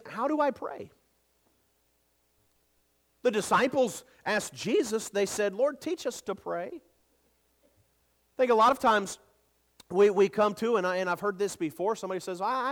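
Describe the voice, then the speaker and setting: Male pastor, 30s, high voice, emphatic sermon delivery with repeated phrases. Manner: repeats words when speaking casually.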